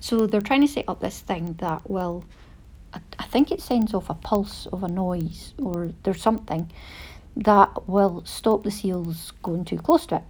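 A woman's voice: medium pitch, a little slow, a little mellow. A woman, hosting a casual chat show and rambling through many asides. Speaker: podcast host.

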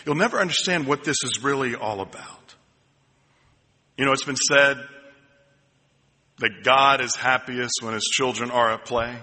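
A middle-aged man preaching from the pulpit, his voice sitting a touch high and ringing bright. He tells warm personal stories with self-deprecating humor. The sound carries a long reverb from the church hall. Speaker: pastor. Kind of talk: sermon. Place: church sanctuary.

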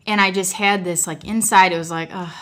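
A woman's voice: medium pitch, steady tone, a little fast, fairly bright tone. A mother sharing a personal story as a guest, frank and rambling, breaking into laughter often. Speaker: podcast guest; mother of several children.

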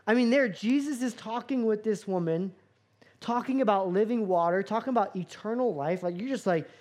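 A man preaching a sermon as a pastor, animated, acting out dialogue with playful asides. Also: sits high, fairly quick.

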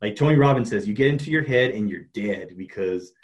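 Earnest man coaching, halting speech. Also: on the low side, expressive. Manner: earnest, halting, many restarts. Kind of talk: casual conversation.

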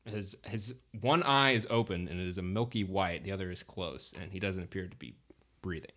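Low-voiced man narrating a tabletop game. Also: fairly quick, pushed and bright. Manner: casual, rambling, with frequent restarts and filler. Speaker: game master.

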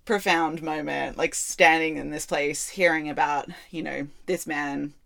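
Chatty lower-voiced woman co-host. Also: steady tone, unhurried, vocal fry, a bit bright. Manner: chatty, laughs easily, playful banter. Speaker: podcast co-host. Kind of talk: casual chat.

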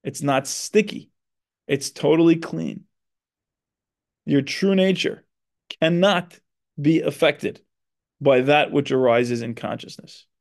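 A man's voice: fairly high pitch, slow pace, pauses often. A man who is a psychotherapist and podcast host, talking earnestly in a reflective monologue and stressing his points. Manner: earnest, explanatory, with emphatic stresses.

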